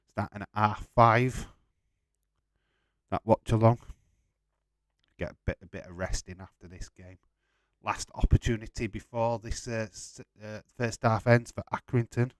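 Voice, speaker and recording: Man, lowish voice, dry close mic, casual watch-along host who swears and laughs a lot. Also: no room sound. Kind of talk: live football watch-along chat.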